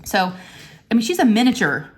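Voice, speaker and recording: A woman vlogger telling a story in a chatty, animated way, full of "I'm like" asides. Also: on the high side, brisk. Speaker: crafting vlogger. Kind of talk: casual storytelling vlog.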